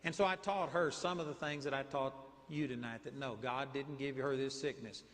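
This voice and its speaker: A man's voice: mid-range voice, moderate pace, in a large hall. A man with a Texan accent preaching a sermon, telling stories and declaring with force. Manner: animated storytelling preaching, commanding declarations.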